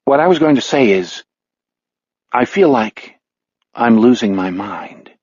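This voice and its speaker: A man voicing a blind, dry-witted older man in an audiobook, measured and blunt, with a husky tone. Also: mid-range voice, animated, darkish tone, dry recording, lo-fi sound. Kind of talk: audiobook character voice.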